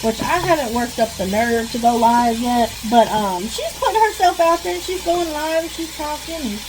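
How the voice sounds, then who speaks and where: A woman talks in a chatty, rambling way, venting with sighs while she cooks. Her voice sits high. Frying and sizzling in the home kitchen come through clearly around her. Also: animated, moderate pace, noisy background. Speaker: vlogger. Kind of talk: casual chat while cooking. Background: sizzling frying pan.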